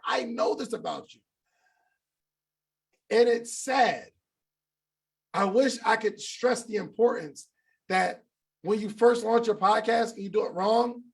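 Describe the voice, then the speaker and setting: A man teaching a live online class on podcasting, emphatic and repetitive, urging his students on and sometimes shouting. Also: very high voice, vocal fry, slightly rough. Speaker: podcasting coach.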